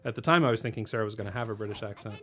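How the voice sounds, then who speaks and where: A man reflecting on casting and directing his animated film in a relaxed commentary, pausing often with "um". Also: lowish voice. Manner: thoughtful, many "um" pauses.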